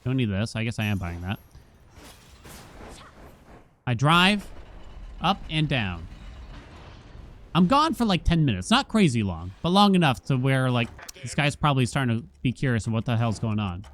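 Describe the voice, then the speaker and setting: A man streaming a game, chatting casually and telling an animated story with sudden exclamations. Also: medium pitch, moderate pace, long pauses, slight background noise. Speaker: gaming streamer. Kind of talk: casual gameplay commentary with storytelling.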